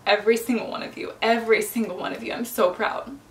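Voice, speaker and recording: A woman's voice: fairly high pitch, steady tone, fast talker, distant mic. Emotional young woman vlogging to camera. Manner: emotional, encouraging, speaks to viewers as sisters. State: teary, emotional. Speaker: lifestyle coach and vlogger. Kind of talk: heartfelt direct-to-camera vlog.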